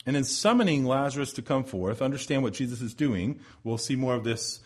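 A man preaching a sermon as pastor, building to loud emphatic swells and slowing on key words. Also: mid-range voice, lively intonation.

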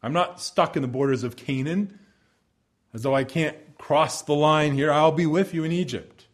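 A man preaching in an earnest, expository manner. His voice sits a little on the high side, and he swings from emphatic rises to hushed, gentle drops as he explains the text. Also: moderate pace. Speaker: pastor. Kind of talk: sermon.

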